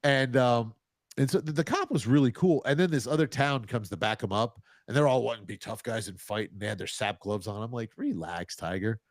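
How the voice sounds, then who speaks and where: A man in his fifties casually telling a rambling, animated anecdote, often chuckling as he goes. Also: mid-range voice, a little fast, no room sound, clean studio sound. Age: 50s. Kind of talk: casual storytelling.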